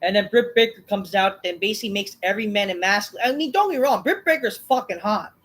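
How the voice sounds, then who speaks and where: A woman's voice: mid-range voice, animated, quick pace, a bit bright, rough recording. A woman hosting a wrestling review, ranting through a recap in a sarcastic, dismissive way with constant swearing. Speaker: wrestling show reviewer, channel host.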